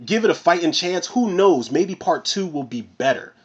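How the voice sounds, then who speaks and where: A man's voice: sits high, moderate pace, breathy edge, highs cut off. A man reviewing a horror film in a casual, rambling rant, swearing freely as he goes. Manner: profane, rambling, animated. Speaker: movie reviewer.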